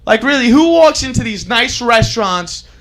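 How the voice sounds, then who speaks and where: High-voiced man doing stand-up. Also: expressive, normal speed, fairly bright tone. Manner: laughs through his jokes. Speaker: comedian. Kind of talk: stand-up comedy bit.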